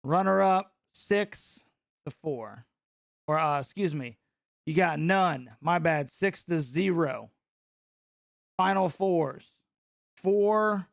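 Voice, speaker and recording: A middle-aged man from North Carolina hosting a casual live reaction stream, joking and mocking his chat with excitable banter. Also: fairly high pitch, takes it slowly, gravelly, pauses often, no room sound, clean studio sound.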